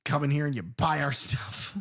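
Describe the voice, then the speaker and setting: A man's voice: fairly high pitch, normal speed, creaky. A man co-hosting a horror film podcast, talking in a casual, profane and jokey way. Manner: animated, profane, jokey asides. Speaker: podcast co-host.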